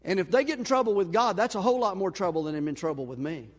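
A male pastor preaching a sermon, telling a story and acting out the dialogue, swinging between loud and quiet. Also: high voice, racing. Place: church sanctuary. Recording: long hall reverb.

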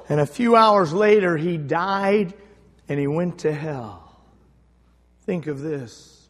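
High-voiced preacher in an echoing hall. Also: male voice, expressive, takes it slowly. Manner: swings from quiet storytelling to shouted appeals. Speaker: pastor. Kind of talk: sermon with story. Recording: long hall reverb.

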